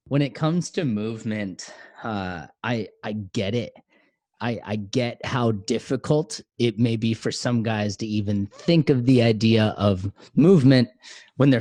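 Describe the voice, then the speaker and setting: A man's voice: lowish voice, measured pace, a little mellow, no room sound. A man co-hosting a podcast, talking in a candid, laid-back way. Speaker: podcast co-host. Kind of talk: casual podcast talk.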